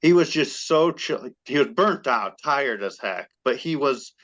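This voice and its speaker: Male guest, casual animated storyteller who acts out quotes; mid-pitched voice, muffled lo-fi audio. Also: measured pace. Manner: excited, animated storyteller acting out quoted dialogue. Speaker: guest fan.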